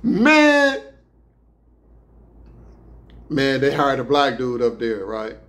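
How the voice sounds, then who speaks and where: A man's voice: mid-range voice, steady tone, moderate pace, fairly bright tone. A man casually telling stories about prison transport and life inside, in loose streetwise slang with plenty of swearing. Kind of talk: casual storytelling.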